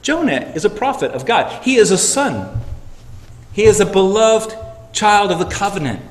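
A man preaches to his congregation in a fairly high voice. He swings between loud, emphatic peaks and hushed passages. The sound rings through a large, echoey sanctuary with a long reverb tail. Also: very animated, moderate pace. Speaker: pastor. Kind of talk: sermon.

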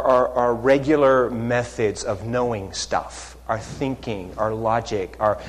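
A man preaching a sermon, unhurried, acting out quoted lines with rising emphasis. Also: medium pitch. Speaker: pastor. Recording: long hall reverb.

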